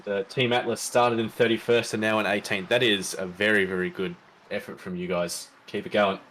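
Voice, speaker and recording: A man commentating a sim race live, relaxed and joking with his co-hosts. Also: lowish voice, brisk, slight background noise.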